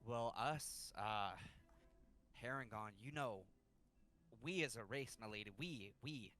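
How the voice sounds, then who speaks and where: A stammering rabbit-folk man in a tabletop game, voiced by a player, who trips over his words as he tries to talk his way out of trouble. He speaks at a middling pitch. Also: takes it slowly, a bit bright. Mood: placating. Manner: stammering, defensive. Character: flustered rabbit-folk man, a cleric type.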